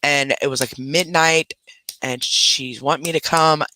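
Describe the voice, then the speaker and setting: A man chats casually on his own livestream from his bedroom, telling stories with lots of feeling and breaking off to scold his dogs. His voice is bright and forceful and sits a little high. The sound is dry and close, with almost no room echo. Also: measured pace. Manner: animated storytelling, scolds his dogs mid-stream. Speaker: livestream host. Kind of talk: casual live chat. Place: home bedroom.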